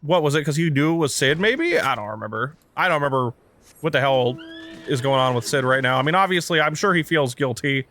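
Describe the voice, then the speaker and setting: A man's voice: on the high side, animated, fairly quick, pushed and bright. Tired man joking through a game. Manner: profane, jokey, rambling asides. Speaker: gaming channel host. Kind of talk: casual let's play commentary.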